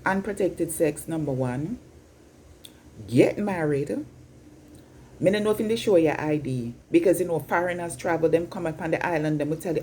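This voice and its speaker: A woman's voice: lowish voice, lively intonation, normal speed, long pauses, warm tone, slight background noise. A Jamaican woman in her fifties giving an incredulous, scolding opinion vlog, slipping in and out of patois. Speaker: vlogger.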